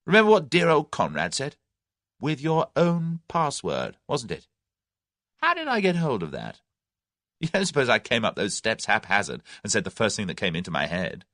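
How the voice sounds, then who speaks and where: A man's voice: medium pitch, wildly swooping pitch, normal speed, a bit bright, dry recording, clean studio sound, voice pushed up. A man voicing a brash young Englishman who keeps airy and confident under threat. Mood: cocky.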